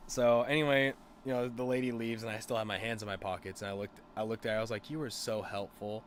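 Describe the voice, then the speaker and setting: A man's voice: mid-range voice, flat delivery, quick pace, slight background noise. A man streamer rambling through a crude, casual story with lots of fillers.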